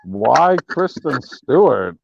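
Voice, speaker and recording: A man's voice: medium pitch, sing-song, slow, creaky, darkish tone, raised voice, a little hiss or hum. A man co-hosting a casual podcast chat, throwing in sarcastic wisecracks. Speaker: co-host. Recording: dull lo-fi recording.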